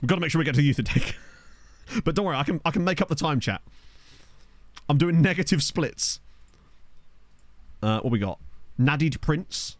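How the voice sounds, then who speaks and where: Quick, chatty british man streaming. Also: on the high side, expressive, dry recording. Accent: neutral British English. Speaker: streamer playing a football management game. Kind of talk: casual live-stream chat. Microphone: desktop USB microphone.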